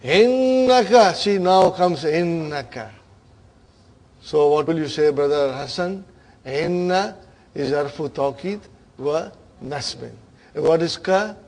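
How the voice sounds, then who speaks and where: A man teaches Arabic grammar to a class, addressing students as brothers and sisters and patiently checking understanding with frequent "okay?" and "huh?". His voice is fairly high with a darkish tone, and he speaks at a slow pace.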